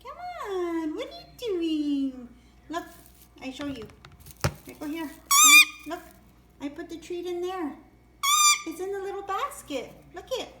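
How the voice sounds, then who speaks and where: Very high-pitched woman cooing to a bird. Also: huge pitch swings, a little slow, long pauses. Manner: sing-song baby talk to a bird. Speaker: pet bird owner. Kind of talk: cooing pet talk. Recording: roomy with faint noise.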